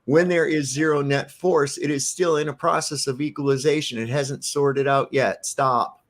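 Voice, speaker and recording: A man's voice: mid-range voice, steady tone, normal speed. Emphatic man explaining his point. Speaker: podcast co-host. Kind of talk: casual podcast chat.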